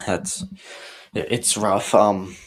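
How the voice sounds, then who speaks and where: A man's voice: on the low side, fairly even intonation, slow, low-quality recording. A young man in a comedic vlog sketch who rambles and hesitates, filling his talk with ums. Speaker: vlogger.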